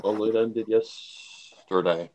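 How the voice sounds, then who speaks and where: A man talking casually on a livestream, rambling and animated, often repeating himself. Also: on the low side, slow. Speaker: livestream co-host.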